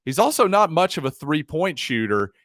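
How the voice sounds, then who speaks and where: A man's voice: a little high, sing-song, normal speed, fairly bright tone, dry recording, clean studio sound. A man hosting a solo sports podcast, talking through the news in a conversational way with wry, sarcastic asides. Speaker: podcast host.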